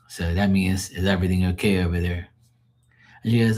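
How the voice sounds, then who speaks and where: A man's voice: deep voice, flat delivery, fairly quick, darkish tone. A man doing casual chat with his live viewers as a tarot reader, rambling and loose, swearing and laughing often.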